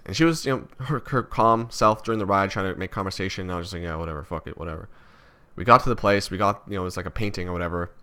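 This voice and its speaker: A man's voice: on the low side, pushed and bright. A young man from Canada talking through his thoughts in a personal vlog, rambling and self-critical with many restarts. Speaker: vlogger.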